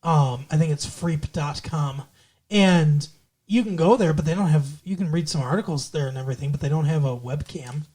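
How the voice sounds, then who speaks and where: A man's voice: a little high, moderate pace, warm tone, slightly rough. A man co-hosting a podcast, recapping a TV episode in loose, profane, rambling casual chat. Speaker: podcast co-host.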